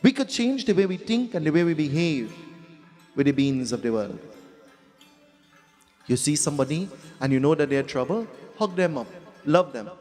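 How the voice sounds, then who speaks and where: His voice is fairly high and a little mellow, swinging widely in pitch at a normal speed with frequent pauses. A Trinidadian pundit, he offers a folksy, humorous devotional sermon built on repeated phrases and repetitive storytelling, recorded in an echoey hall with faint music.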